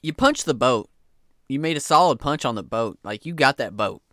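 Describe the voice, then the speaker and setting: A man's voice: medium pitch, expressive, moderate pace, pushed and bright, no echo, clean studio sound. A man running a tabletop game as game master, narrating in a casual manner with the odd swear word.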